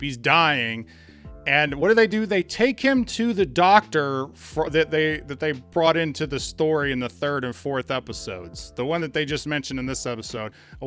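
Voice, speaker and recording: A man giving a casual, sarcastic review of a TV episode, exasperated and animated. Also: on the high side. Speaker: show reviewer.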